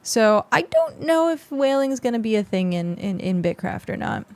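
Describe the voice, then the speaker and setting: A woman's voice: a little high, sing-song, normal speed, darkish tone, no room sound. A young adult woman streamer chatting casually with her viewers on a close mic, rambling with lots of fillers. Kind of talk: casual livestream chat with viewers.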